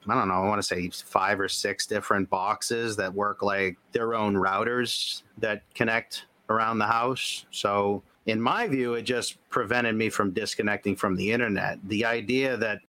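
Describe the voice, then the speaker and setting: A man's voice: on the low side, sharp tone. A man co-hosting a podcast in casual chat, teasing and mock-serious with dry humor. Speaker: podcast co-host.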